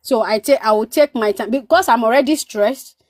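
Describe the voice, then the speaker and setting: With no room sound, a Nigerian woman guest on a live stream speaks at a moderate pace in a fairly high voice with a darkish tone. She chats casually and animatedly, telling stories and repeating phrases for emphasis.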